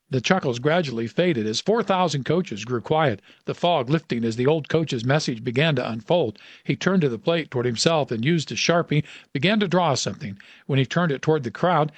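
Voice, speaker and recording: Man, slightly high voice, earnest storytelling, dry close sound. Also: expressive, no echo. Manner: earnest, emphatic delivery, dramatic pauses. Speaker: radio host reading a story. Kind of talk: storytelling reading on radio.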